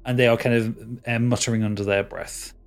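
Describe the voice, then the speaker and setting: A man's voice: medium pitch, flat delivery, brisk, clear, resonant tone, soft background music. Hesitant male game master narrating. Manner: hesitant, full of fillers and restarts.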